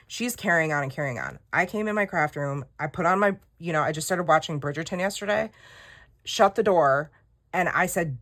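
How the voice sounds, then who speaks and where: A journaling creator tells a personal story in casual chat while she journals, her voice fairly low with a fairly bright tone. She's candid and rambling, and she acts out the dialogue she quotes.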